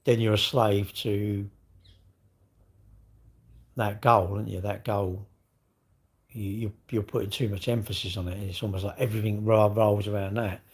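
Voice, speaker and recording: A man rambles casually through a live stream and breaks off now and then to greet viewers. His voice sits a little low and has a husky grain. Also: level tone, moderate pace, long pauses. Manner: rambling, chatty, greets viewers mid-thought.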